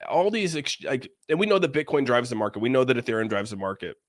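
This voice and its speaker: A man's voice: mid-range voice, fast, no room sound, clean studio sound. A man in casual podcast chat, blunt and profane, rambling with lots of restarts.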